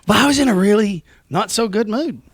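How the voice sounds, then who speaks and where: Higher-voiced Southern man, dry sound. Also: animated, brisk, breathy edge, no echo. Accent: rural Southern American. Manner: reflective, rambling, laughs easily. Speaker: podcast host. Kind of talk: casual conversation.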